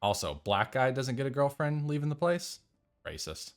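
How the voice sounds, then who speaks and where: A man giving casual live commentary on a film he is watching, sarcastic, profane and animated. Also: medium pitch, moderate pace, heavy background noise. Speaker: movie reactor.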